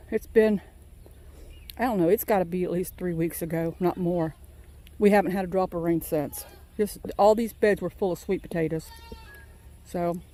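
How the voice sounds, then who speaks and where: Mellow-voiced woman touring her garden. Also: lowish voice. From Virginia, USA. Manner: rambling, homespun, chatty. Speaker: farm vlogger. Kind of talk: casual garden tour. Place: outdoor vegetable garden.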